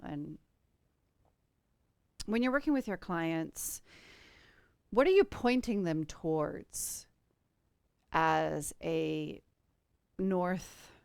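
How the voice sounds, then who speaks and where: A woman's voice: low-pitched, smooth, dry recording. A woman hosting a podcast in an earnest, flowing spiritual chat, full of "you know" fillers. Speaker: podcast host.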